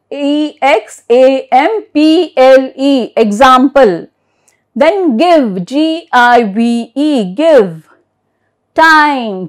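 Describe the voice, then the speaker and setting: A woman from India teaching an online English lesson, spelling words letter by letter and often checking in with "okay?". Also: high-pitched.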